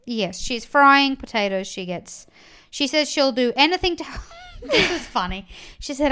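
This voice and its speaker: Young Australian woman, podcast co-host, smooth, slightly high voice, rambling casual chat. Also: big pitch swings, a little slow. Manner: rambling, chatty, trails off into soft asides.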